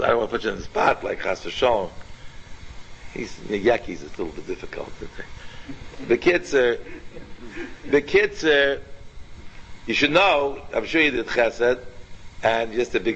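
Animated man teaching a Torah class. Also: medium pitch, slightly rough, dull audio. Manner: animated, repetitive, quizzes listeners by name. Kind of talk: informal Torah class with questions to students.

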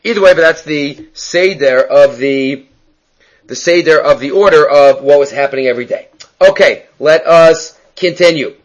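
A man's voice: a little high, normal speed, highs cut off. A man teaching a Mishnah class, explaining each phrase step by step and mixing Hebrew terms into his English, often thinking aloud as he goes. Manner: thinks aloud with frequent fillers and restarts. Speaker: Torah teacher.

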